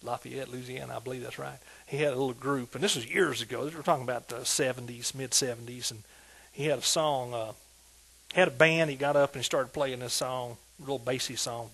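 An older man, a pastor, preaching an animated sermon in a folksy, colloquial way and often asking whether his listeners are with him. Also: mid-range voice, fast talker, vocal fry, breathy edge, poor audio. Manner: animated preaching, asks "are you with me?" repeatedly.

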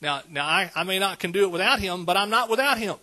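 A man's voice: sits high, animated, fast talker, sharp tone. A man preaching a sermon, conversational and calling out to the congregation. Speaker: pastor.

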